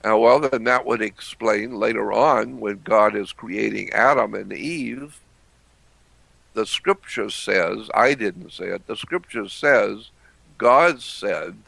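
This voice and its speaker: A man giving a deliberate explanatory lecture, repeating phrases and clearing his throat often. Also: fairly low pitch, pushed and bright, no room sound.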